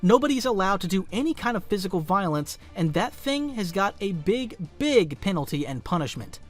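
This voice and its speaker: High, lively dramatic male narrator. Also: normal speed, faint music behind. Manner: dramatic, emphatic delivery. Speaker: narrator of a commentary video. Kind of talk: scripted narration.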